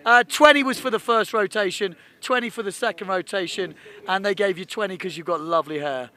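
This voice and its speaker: A man giving jokey, excitable live commentary from a boat on a lake. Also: high-pitched, fairly quick. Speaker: sports commentator.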